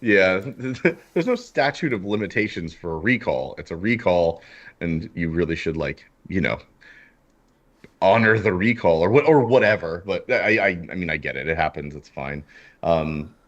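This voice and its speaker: A man hosting a casual car podcast, his voice deep, smooth and husky from a cold, talking in a laid-back way with chuckles and fillers. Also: expressive, moderate pace, dull audio. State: sick, husky voice. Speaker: podcast host. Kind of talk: casual chat.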